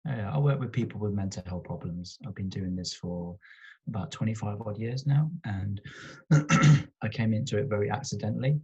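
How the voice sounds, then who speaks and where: A man with a London accent speaking as a healer guest in a casual video-call interview, calm, soothing and unhurried. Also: lowish voice, breathy edge, highs cut off. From Britain.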